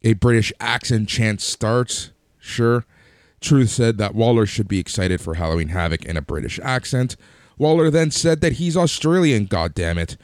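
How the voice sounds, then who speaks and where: A man's voice: lowish voice, animated, moderate pace, no echo, studio quality. A man casually recapping a wrestling show, then giving his offhand opinions. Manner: recaps events then gives offhand opinions, some fillers.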